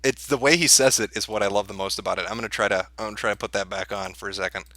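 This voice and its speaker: Speaking at a racing clip, this podcast host has a lowish male voice with a steady tone, yet it comes across bright and sharp-edged. His commentary is profane and sneering, delivered with crude amusement and constant mockery, and the audio is dry and close with no room in it.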